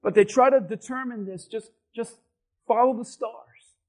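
High-pitched male pastor preaching with shouted punches. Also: normal speed. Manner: preachy, rising to shouted emphasis. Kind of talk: sermon.

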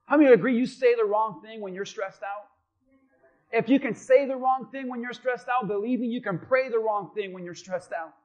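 A man with a strikingly high voice preaches a sermon as a pastor. He speaks straight to the congregation with questions and breaks into short acted-out quotes. The recording sounds dull and lo-fi. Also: normal speed.

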